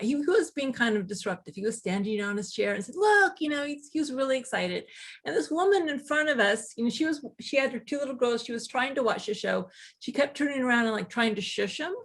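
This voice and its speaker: Husky-voiced woman, animated storyteller. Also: fairly high pitch. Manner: animated storyteller, quick asides and laughs. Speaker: guest author. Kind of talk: casual conversation.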